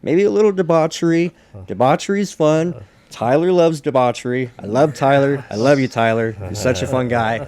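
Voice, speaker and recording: A man's voice: mid-range voice, normal speed, a little mellow. A man hosting a podcast, closing the episode in an enthusiastic, casual way. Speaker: podcast host. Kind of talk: casual chat.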